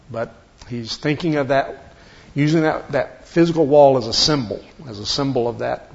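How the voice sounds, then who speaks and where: Bible teacher, male, gravelly and creaky, explains patiently, dull lo-fi recording. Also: mid-range voice. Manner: explains step by step, asks rhetorical questions.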